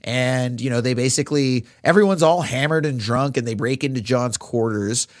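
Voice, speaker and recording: A man's voice: medium pitch, normal speed, no echo, studio quality. A male podcast co-host casually recapping a film scene by scene, with many fillers.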